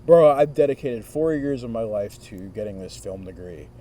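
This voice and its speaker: Talking casually with a friend, a man in his twenties, a vlogger, animatedly tells a story and performs the quotes of others. He speaks at a normal speed and medium pitch, picked up by a distant mic with clear noise.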